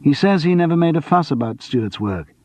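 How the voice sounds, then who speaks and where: A man playing a calm, probing sleuth. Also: fairly high pitch, no room sound, pitched above the performer's own voice. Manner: measured, persistent, cool. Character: calm probing man, quietly insistent investigator. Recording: dull lo-fi dry audiobook recording.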